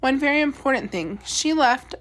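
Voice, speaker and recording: Woman reading as a soft-spoken sorrowful preacher father. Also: sits high, animated, moderate pace. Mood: gentle. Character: gentle, sorrowful middle-aged male preacher, a father.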